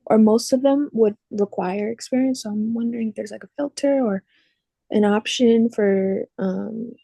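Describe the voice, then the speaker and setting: A woman's voice: on the high side, normal speed, creaky, dark tone, no echo. A woman asking questions on a video support call, hesitant and restarting her sentences. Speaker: caller.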